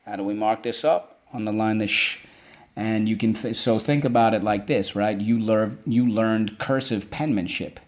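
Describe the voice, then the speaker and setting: A man teaching a spelling lesson to children, drilling words slowly syllable by syllable and coaxing the class along. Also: on the low side, darkish tone.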